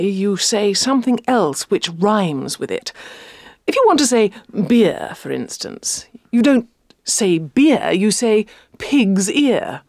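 A woman's voice: mid-range voice, a little mellow, no echo. Female panelist, explanatory and good-humoured, dry studio sound. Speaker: panel member. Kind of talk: scripted panel discussion.

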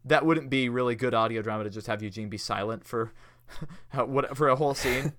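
A man's voice: mid-range voice, a little fast, crowd noise. A man hosting a casual podcast review chat, laughing often and acting out quotes from episodes; he sounds tired. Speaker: podcast host.

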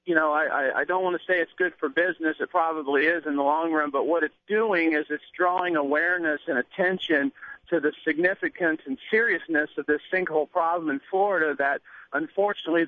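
A man calling in as an expert guest on a radio show, speaking haltingly with many fillers. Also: fairly high pitch, no echo. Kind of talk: phone-in interview. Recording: tinny phone line.

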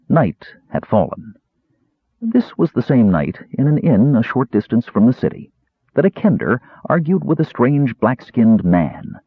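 A man narrating a fantasy audiobook in a measured, expressive storytelling manner. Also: mid-range voice, husky, dry recording. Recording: dry, tinny phone-like sound.

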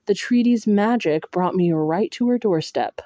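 A woman's voice: unhurried, dark tone, no echo, close to an everyday voice. Woman reading as a growling masked fae lord. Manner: low growling restraint.

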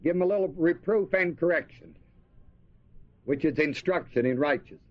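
This preacher has a fairly high voice and speaks at a normal speed, asking the congregation questions, answering them, and hammering key words through repetition. The lo-fi recording is dry and dull, with no room sound.

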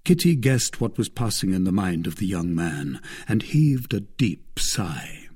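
A man narrating a classic novel as an audiobook, with an expressive, measured reading. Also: deep voice, breathy edge.

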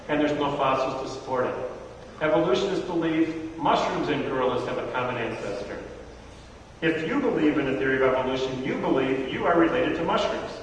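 A man in his thirties teaching a church audience, an animated storyteller who acts out the voices in his stories. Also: mid-range voice, slight background noise. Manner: animated storyteller acting out dialogue. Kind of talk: lively talk to a live audience. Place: large hall with audience. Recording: echoey hall from far off.

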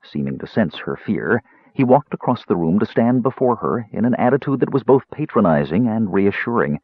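A man narrating a fantasy audiobook in a measured, expressive storytelling manner. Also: lowish voice, breathy edge, no echo. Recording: dull lo-fi dry recording.

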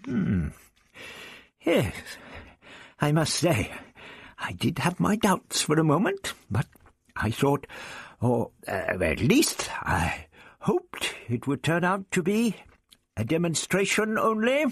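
A man reading aloud and voicing an elderly, calm and wry male traveller who speaks gently and muses. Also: on the high side, takes it slowly, creaky, pauses often, husky, dry recording, clean studio sound, pitched above the performer's own voice, exaggerated voice. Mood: musing. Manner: gentle, musing, fussy.

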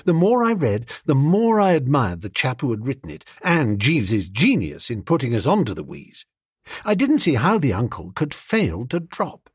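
A man narrating a comic story in an animated, playful way. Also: mid-range voice, normal speed, slightly rough, no room sound, studio quality. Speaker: audiobook narrator. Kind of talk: scripted narration.

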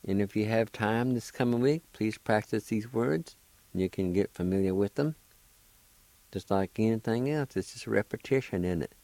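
Spelling each word aloud and repeating it with slow deliberation, a man hosting a radio language lesson offers gentle encouragement to beginners. His voice sits on the low side, there's no echo, and the recording quality is low.

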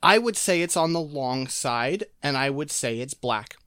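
Rambling, animated tabletop game master. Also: medium pitch, unhurried, no room sound, clean studio sound. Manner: rambling, lots of fillers, giggly.

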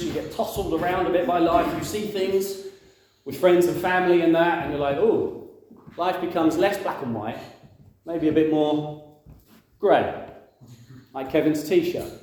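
Preaching in a very echoey room, a man with a fairly high, darkish voice keeps his sermon conversational. He questions the congregation and acts out the voices of those he quotes.

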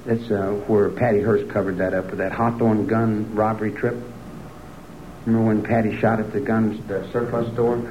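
Male interviewee, rambling and repetitive, pushes up into a high agitated pitch; dull lo-fi archive tape with faint hiss. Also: level tone, normal speed, roomy sound.

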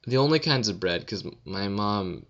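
A man's voice: fairly low pitch, lively intonation, normal speed, fairly bright tone, dull audio. A young man casually answering viewer questions in a rambling, offhand, sleepy way. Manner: rambling, offhand, swears and yawns, tired. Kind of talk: casual Q&A vlog.

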